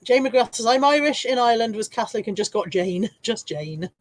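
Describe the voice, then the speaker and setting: A woman's voice: a little high, lively intonation, normal speed, dry recording. A woman in her forties from England, chatting casually on a livestream, reading out viewer comments, self-mocking and laughing often. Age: 40s. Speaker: reseller livestream host.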